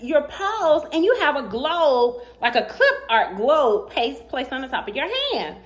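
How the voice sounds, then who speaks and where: Woman, vlogger, casual storytime, high voice, swooping animated delivery, sassy, frequent laughter. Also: a little slow. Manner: animated and sassy, acts out both sides of the chat; laughs often while telling. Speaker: vlogger telling a dating story.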